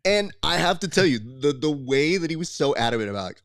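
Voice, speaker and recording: Animated male podcast storyteller. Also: mid-range voice, fast talker, few pauses, no room sound, clean studio sound. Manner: animated storyteller who acts out quotes. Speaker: podcast co-host and grappling coach.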